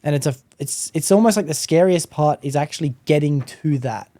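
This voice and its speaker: A man hosting a podcast, talking in a relaxed, slangy, reflective way. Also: fairly high pitch, brisk. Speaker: podcast host. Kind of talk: casual chat.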